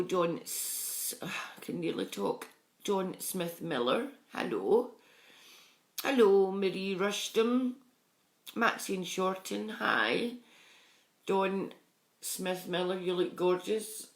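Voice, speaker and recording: A middle-aged woman, chatting on a live stream and warmly greeting viewers by name. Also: on the low side. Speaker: psychic medium streaming live. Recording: echoey room sound.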